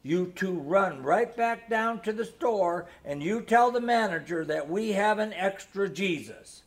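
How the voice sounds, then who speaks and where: A man reading the part of a fussy, earnest middle-aged mother with a gentle, coaxing manner. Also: sits high, expressive, a little slow.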